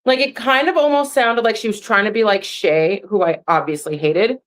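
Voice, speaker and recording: A woman's voice: mid-range voice, moderate pace. Rambling casual woman podcaster. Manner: rambling, heavy use of "like". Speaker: podcast co-host. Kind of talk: casual recap chat.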